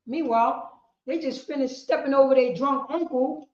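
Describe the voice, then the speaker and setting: A woman teaching a history class, lecturing emphatically, repeating herself and rising to shouts. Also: high voice, normal speed, hardly any pauses. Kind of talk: street-preaching lecture. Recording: roomy, dull lo-fi sound.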